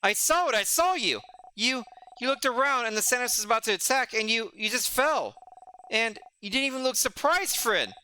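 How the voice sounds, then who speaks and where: A streamer voicing an anxious young kid companion in a game, speaking in a high, strained, pleading way. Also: lively intonation, moderate pace, pushed and bright, slight background noise. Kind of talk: voicing game dialogue in a let's play.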